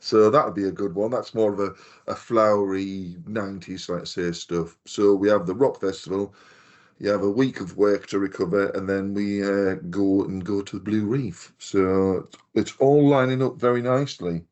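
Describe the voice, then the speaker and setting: Male podcast co-host, lowish voice, rambling anecdotal storyteller. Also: fairly even intonation, moderate pace, darkish tone, muffled recording. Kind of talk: casual chat.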